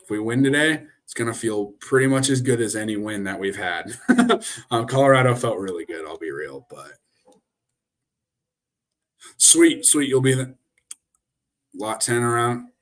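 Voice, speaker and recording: A man's voice: mid-range voice, big pitch swings, normal speed. Rambling young man ranting on a live stream. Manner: ranting, rambling, many fillers and restarts. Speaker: sports show host. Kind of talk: casual live stream chat. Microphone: webcam.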